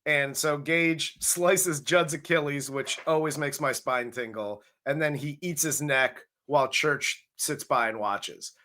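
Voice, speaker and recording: A man's voice: on the high side, measured pace, few pauses, pushed and bright. A man co-hosting a casual comedic movie review, recapping the plot crudely and laughing along. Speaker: podcast co-host.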